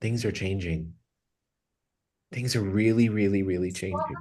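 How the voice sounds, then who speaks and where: A man with a very low voice opens a group meditation over a home video call. He speaks earnestly and reflectively, often slowing down to let key words land. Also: a little mellow. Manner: earnest, reflective, slows down for emphasis. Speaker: meditation guide. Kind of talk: spiritual talk opening a group meditation.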